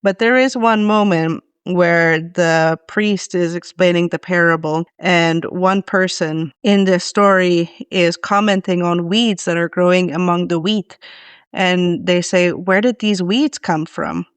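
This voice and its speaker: Chatty woman podcast host, smooth voice. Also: lowish voice, fairly even intonation, measured pace, no room sound. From Canada. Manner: chatty, laughs often. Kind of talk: casual chat.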